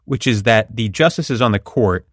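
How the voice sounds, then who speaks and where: A man's voice: lowish voice, lively intonation, moderate pace, dry recording, clean studio sound. A man hosting a podcast, explaining a court ruling in a wry, conversational way. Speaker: podcast host. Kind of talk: legal analysis chat.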